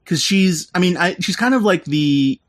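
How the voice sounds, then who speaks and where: A man's voice: high-pitched, moderate pace, no room sound. A man in casual podcast chat, retelling a film's plot in a loose, rambling way, full of "like" and "um" and his own laughter. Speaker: podcast co-host recapping a film.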